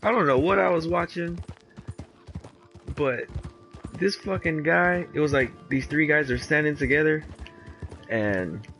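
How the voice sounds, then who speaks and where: A man's voice: a little high, unhurried, pauses often, a bit bright, faint music behind. A man giving casual, rambling gameplay commentary, laid-back and swearing freely. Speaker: gamer.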